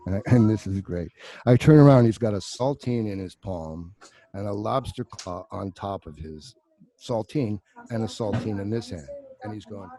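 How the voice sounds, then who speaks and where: A man in his sixties, an actor guest, telling stories in a casual, animated and profane way over a video call. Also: lowish voice, normal speed, a crowd in the background.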